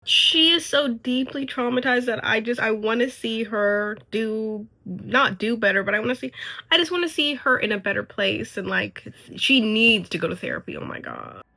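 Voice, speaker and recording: A young woman vlogger casually reacting to a TV show, animated, exclaiming and laughing often. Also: on the high side, moderate pace, vocal fry, low-quality recording.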